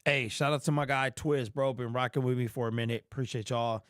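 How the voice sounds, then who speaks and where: A man's voice: mid-range voice, steady tone, brisk, fairly bright tone, clean tone, dry recording, clean studio sound. A man from Detroit hosting a fan livestream, ranting with passion and repeating himself. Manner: impassioned, ranting, repetitive. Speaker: fan channel host. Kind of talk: livestream sports rant.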